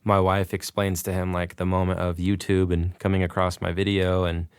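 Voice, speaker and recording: With a deep, clear, resonant voice at normal speed, a podcast guest tells a story in an animated, casual way, acting out what people said. The audio is dry and of studio quality.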